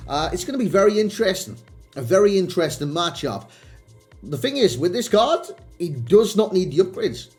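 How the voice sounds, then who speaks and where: Speaking briskly in a high voice with big pitch swings and a slightly mellow tone, a young gaming creator talks through a game card. He chats casually, calling his viewers lads and boys, over faint background music.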